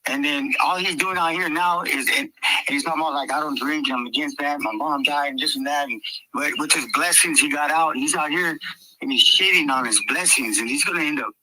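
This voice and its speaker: A man's voice: fairly high pitch, brisk. A man in casual podcast chat who talks emphatically and repeats himself for effect. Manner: repetitive, emphatic, drops into mocking quoted voices. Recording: noisy recording.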